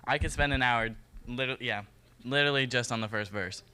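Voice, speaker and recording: Smooth-voiced man leading a casual Bible study. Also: medium pitch, fast talker. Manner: relaxed, joking, talks straight to the group. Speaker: youth Bible study leader. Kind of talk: casual Bible teaching talk.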